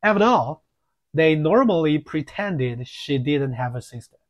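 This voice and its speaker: Slow, measured male audiobook reader. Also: on the high side, animated. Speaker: audiobook narrator. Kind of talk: audiobook reading.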